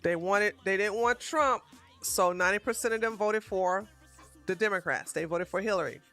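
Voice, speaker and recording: A woman's voice: medium pitch, moderate pace, a bit bright, faint music behind. A woman hosting a live-stream political commentary show, ranting bluntly and with heavy profanity.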